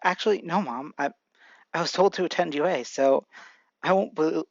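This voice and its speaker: A narrator voicing a young hero son coming home to his mother in an amateur fan-fiction reading, quiet and earnest. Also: medium pitch, normal speed, gravelly, no room sound, dull audio.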